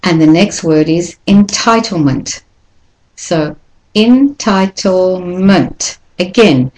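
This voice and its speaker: A woman teaching English pronunciation, speaking carefully and deliberately and repeating each word slowly for the learner. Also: low voice, darkish tone, low-quality recording. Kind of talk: slow, clear pronunciation lesson.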